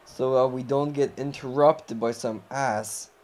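A young man narrates his wrestling video game match as he plays it. He speaks slowly and unhurried, then bursts into frustrated yelling and swearing whenever the game fights back. His voice sits at an ordinary middle pitch. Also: fairly even intonation. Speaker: gamer recording a playthrough. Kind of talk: live gameplay commentary.

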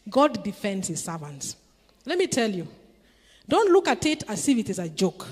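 A woman's voice: fairly high pitch, darkish tone, breathy edge, big-room sound. A middle-aged woman from Kenya preaching a sermon in a church, emphatic and asking the congregation questions. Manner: emphatic, call-and-response questions.

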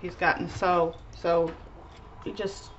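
A young woman and art channel host chatting casually while crafting, laughing often and gently correcting her child. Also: lowish voice, level tone, takes it slowly, highs cut off, a little hiss or hum.

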